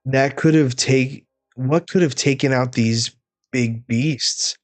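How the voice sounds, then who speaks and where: A man's voice: medium pitch, slow. A man hosting a live comic reaction, reading dialogue aloud and cursing casually. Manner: casual, swears freely. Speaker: manga reaction host.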